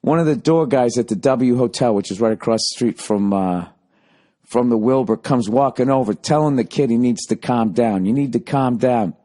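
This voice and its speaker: A man's voice: medium pitch, moderate pace, warm tone. Profane rambling storyteller man. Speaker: podcast host. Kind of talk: casual comic monologue.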